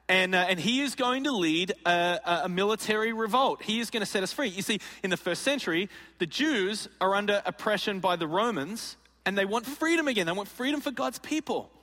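A male pastor preaching a sermon in an animated, joking way, acting out scenes as he tells them. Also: high-pitched, long reverb tail. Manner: animated and jokey, acts out scenes.

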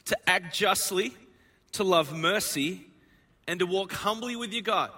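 Bright-voiced energetic pastor. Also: male voice, sits high, a little slow. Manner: energetic, joking with the congregation. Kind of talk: sermon. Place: church auditorium.

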